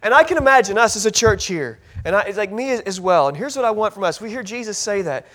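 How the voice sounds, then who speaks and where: A man's voice: high voice, lively intonation, fast talker, fairly bright tone. A man preaching a sermon as pastor, earnest, often repeating phrases and restarting his sentences.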